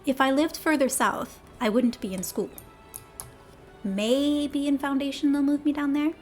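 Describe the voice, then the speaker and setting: Young female streamer, bright high-ish voice, casual and talkative, reads dialogue in character. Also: steady tone, measured pace, soft background music. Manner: chatty, laughs easily, reads game dialogue aloud in character. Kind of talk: casual live gameplay chat.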